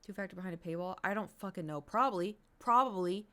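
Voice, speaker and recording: A woman's voice: medium pitch, fast talker, sharp tone. A woman streamer chatting casually to her viewers, ranting and swearing freely. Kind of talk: casual live-stream chat.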